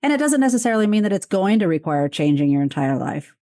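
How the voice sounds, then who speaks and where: A woman's voice: medium pitch, sing-song, fast talker, warm tone, no echo, studio quality. A woman hosting a podcast, speaking thoughtfully and casually in a reflective interview. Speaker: podcast host.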